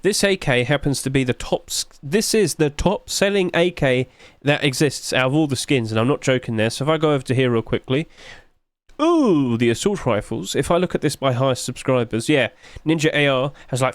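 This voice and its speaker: A sleepy man chatting his way through game skin reviews, rambling along with sudden high-pitched exclamations. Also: expressive, moderate pace, no echo. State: sleepy, yawning. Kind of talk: casual screen commentary.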